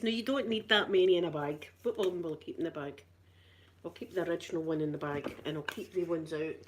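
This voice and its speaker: Middle-aged Scottish woman, easygoing host chatting to her viewers, mid-range voice, laughs a lot. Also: medium pitch. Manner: chatty, laughs often, repeats herself. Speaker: channel host. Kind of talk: casual live-stream chat.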